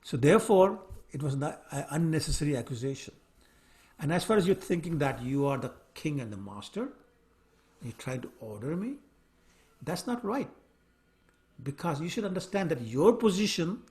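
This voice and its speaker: A man voicing a calm, detached sage who patiently answers a king in a retold story. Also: on the high side.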